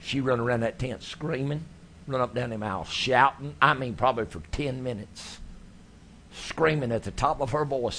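A man preaching a sermon, telling his stories in a folksy, animated way. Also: medium pitch, moderate pace. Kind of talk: sermon storytelling.

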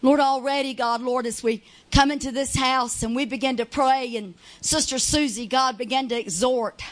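A woman preaching and praying fervently, often shouting, peppering her words with hallelujahs and repeated "God, Lord" interjections. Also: high-pitched, steady tone, moderate pace. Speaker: lay preacher. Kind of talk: Pentecostal-style sermon and prayer.

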